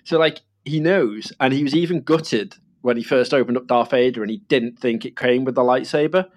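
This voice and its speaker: A man's voice: medium pitch, fairly quick. Young man, casual storytelling, laughs a lot, acts out quotes.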